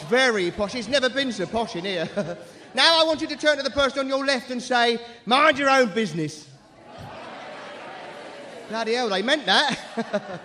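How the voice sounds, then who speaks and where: A cheeky man compering a live show on stage, his voice high and bright as he teases the audience. He trades bawdy jokes and quick banter with the crowd. His tone is forceful and sharp throughout the set. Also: slight background noise. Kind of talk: stand-up compering.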